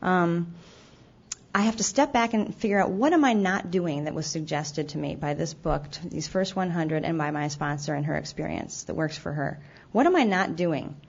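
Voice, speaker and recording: A woman's voice: on the low side, gravelly. Candid woman giving a recovery talk. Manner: candid and self-deprecating, with halting restarts; acts out her own past remarks. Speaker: speaker sharing her recovery story. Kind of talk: personal testimony talk. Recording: dull lo-fi event recording.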